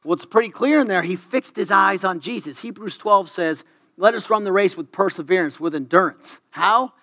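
A man who coaches wrestling gives a faith talk to his athletes, his voice sitting high for a man with a bright, forward edge. He talks in an excitable rush, tripping over his words and restarting lines. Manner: excitable, stumbling restarts and quick asides. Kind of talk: devotional talk to a sports team.

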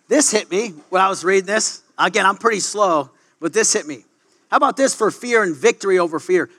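A man who is a wrestling coach, giving an excitable devotional talk to his team, often stumbling and restarting sentences. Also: high voice.

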